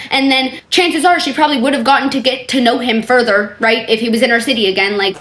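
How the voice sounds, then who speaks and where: A woman hosting a casual reaction video, chatty and profane, with quick sarcastic asides. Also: a little high, a bit bright, echoey room.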